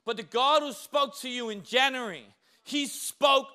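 A male pastor preaching a lively, conversational sermon full of rhetorical questions. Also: extremely high pitch, a little slow, clear, resonant tone. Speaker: lead pastor.

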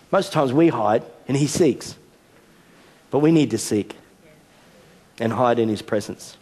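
Pastor preaching in a reverberant church hall. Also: male voice, medium pitch, slightly rough. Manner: animated storytelling, acting out a child's game. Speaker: senior pastor. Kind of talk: sermon.

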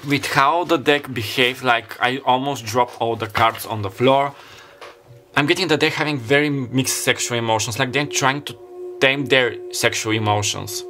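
Guy doing a tarot reading on camera, lots of ums and restarts, soft music behind. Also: medium pitch. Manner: halting, many fillers and self-corrections. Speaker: tarot reader. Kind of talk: casual tarot card reading. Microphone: camera mic.

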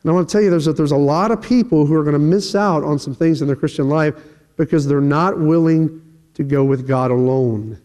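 A middle-aged male preacher delivers a sermon with a high-pitched voice. He is animated and slips into little voices when he acts out quoted dialogue. His words ring with the long reverb of a church hall. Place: church sanctuary.

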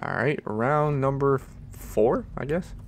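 A teenage boy hosting a let's play, chatty and muttering, with excited squeals. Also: medium pitch, slow pace, slight background noise. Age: teens. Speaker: gaming channel host.

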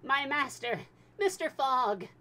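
A man voicing a devoted, remorseful male servant who pleads loudly. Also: sits high, very animated, moderate pace, voice pushed up. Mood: anguished. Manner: loud, pleading, anguished.

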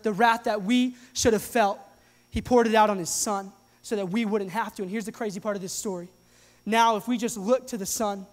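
A young adult man preaching a sermon to his congregation, earnest and animated, often restarting his sentences. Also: very high-pitched. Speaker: pastor. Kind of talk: sermon with live demonstration. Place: church hall with live audience. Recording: long hall reverb.

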